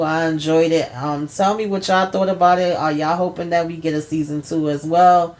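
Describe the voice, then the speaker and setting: Chatty woman recapping a TV episode. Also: moderate pace. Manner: animated storytelling, acts out characters' lines with pitch jumps; chatty, addresses viewers as y'all. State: tired. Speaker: TV recap host. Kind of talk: casual recap vlog.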